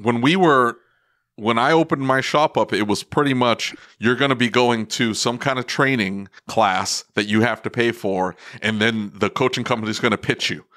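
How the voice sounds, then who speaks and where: A man co-hosting a podcast, telling an excitable story in casual chat and acting out quotes. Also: medium pitch, normal speed. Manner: excitable storyteller, animated quoting. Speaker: podcast co-host.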